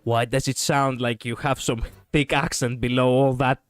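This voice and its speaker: A man streaming a game, commenting casually in an excitable, profane, ranting way on a close mic. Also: mid-range voice, moderate pace, clear, resonant tone, dry recording.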